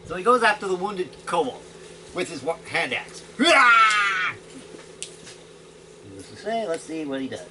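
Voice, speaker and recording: This game master has a slightly high voice and talks fairly quickly, laughing as he narrates combat and dice rolls with animated storytelling. It's a noisy home recording.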